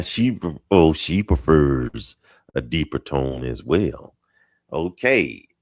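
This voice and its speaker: Slow, deep-voiced man hosting a live chat. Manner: slow, drawn-out, repeats phrases while reading comments. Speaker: host of a live chat show. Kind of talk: casual live-stream chat reading viewer comments.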